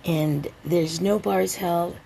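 A woman hosting a rambling solo podcast, a little drunk and stoned, drawling along and breaking into excited outbursts. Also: on the low side, gravelly, slight background noise. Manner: tipsy, meandering, slow drawl with sudden excited outbursts. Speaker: podcast host.

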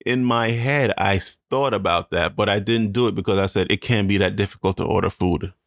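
A Jamaican man with a Jamaican accent, chatting casually and telling animated stories, slipping into patois. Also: fairly low pitch, a little fast, no echo, clean studio sound. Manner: animated storytelling, slips into patois. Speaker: co-host. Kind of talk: casual chat.

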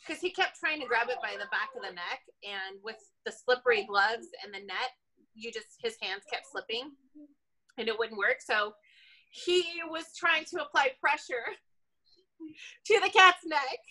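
A woman police officer telling a story in casual chat, animated, laughing often and acting out what people said. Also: a little high, measured pace.

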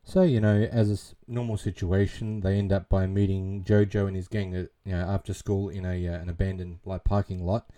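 A man's voice: low-pitched, level tone, a little fast, hardly any pauses, mellow. A middle-aged man casually recapping a movie plot, rambling and chatty with many fillers. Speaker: film reviewer.

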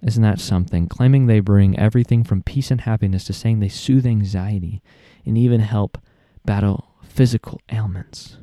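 A man's voice: fairly low pitch, moderate pace, hardly any pauses, warm tone, dry recording, clean studio sound. A young man, hosting a casual podcast and ranting in an exasperated, sarcastic way. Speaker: podcast host.

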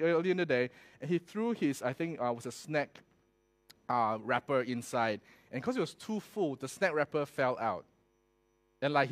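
A man preaching a sermon, telling stories with animated swings from loud to hushed. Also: fairly high pitch. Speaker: pastor.

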